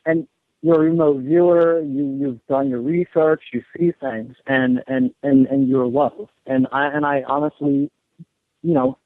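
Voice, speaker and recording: A man's voice: a little high, no echo, narrow, tinny audio. A man as a radio show guest, talking earnestly in long rambling runs and often repeating his words. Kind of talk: casual radio interview.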